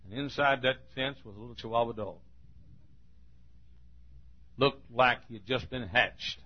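A man preaching a sermon, telling a folksy story and building to emphatic, forceful points. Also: mid-range voice, unhurried, highs cut off.

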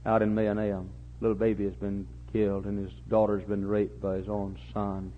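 An older man preaching a sermon, repeating his phrases and building to impassioned, near-shouting peaks. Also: lowish voice, completely flat delivery, moderate pace, slight background noise. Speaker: pastor. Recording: muffled lo-fi recording.

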